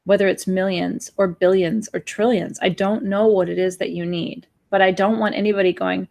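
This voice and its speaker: A woman in her forties speaks with a gravelly edge as a spiritual teacher leading a new moon gathering. She talks with earnest, emotional urgency, pleading with her listeners, now and then acting out gasps and sighs. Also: medium pitch, steady tone, moderate pace, hardly any pauses, darkish tone. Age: 40s. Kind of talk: live-streamed new moon talk.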